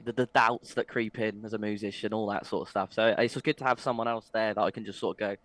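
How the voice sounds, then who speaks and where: A man's voice: lowish voice, fairly even intonation, fast, a bit bright, no echo. A young man, a musician guest, chatting casually and enthusiastically, with many "like"s and "mate"s. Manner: enthusiastic, laughs easily, uses "like" and "mate". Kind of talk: casual interview chat.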